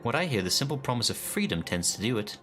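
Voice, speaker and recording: A man voicing a chatty, low-born male soldier who talks in a folksy way, reading game dialogue aloud. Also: sing-song, fast, fairly bright tone, faint music behind. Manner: folksy, drops his grammar.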